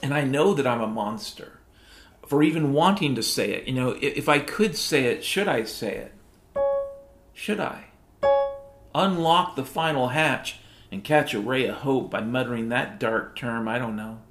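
A man's voice: mid-range voice, moderate pace. Middle-aged guy ranting sardonic comedy, swears a lot, roomy echo w/ music under it. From Washington state, USA. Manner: profane, sardonic, rambling. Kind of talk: comedic spoken-word monologue.

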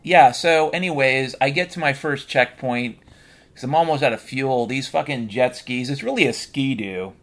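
A man telling a rambling comic story, swearing constantly and tossing in deadpan asides. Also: mid-range voice, normal speed, soft background music. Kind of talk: comedic rambling monologue.

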